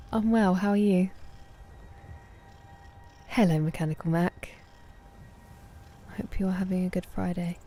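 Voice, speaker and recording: An English woman streams a game, chatting casually and warmly greeting viewers by name, now and then dropping to a whisper. Her voice is on the low side and gravelly.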